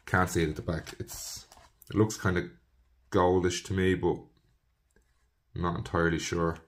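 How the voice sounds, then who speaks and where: A man's voice: low voice, level tone, moderate pace, a little hiss or hum. A young man giving casual commentary while opening trading card packs, rattling off player names and talking to viewers as "folks.". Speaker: trading card box breaker.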